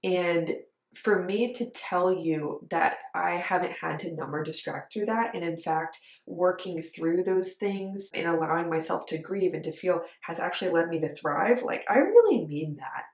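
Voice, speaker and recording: A woman's voice: lowish voice, expressive, measured pace, a little mellow. A woman who coaches dancers, talking to camera in an earnest, emphatic, conversational way. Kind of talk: direct-to-camera coaching talk. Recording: echoey room.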